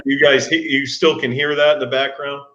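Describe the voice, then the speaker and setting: A man's voice: medium pitch, fairly even intonation, normal speed, sharp tone. A man with a mid-range voice hosting a casual live stream. He is easygoing and often chuckles as he chats along, and the audio is muffled and lo-fi. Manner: easygoing, chuckling, thinks aloud.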